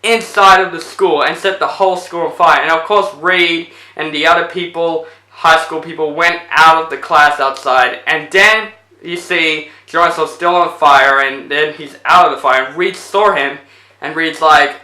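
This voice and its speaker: A man's voice: a little high, measured pace, sharp tone, roomy sound, low-quality recording. A man casually retelling a movie plot as a reviewer, rambling with lots of fillers. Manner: rambling, full of fillers like 'basically'.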